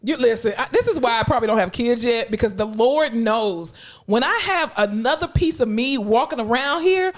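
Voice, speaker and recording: Young woman podcast co-host, fairly high voice, brash and foul-mouthed, tells stories with big energy. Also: normal speed. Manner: brash, profane, animated storytelling. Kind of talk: casual chat.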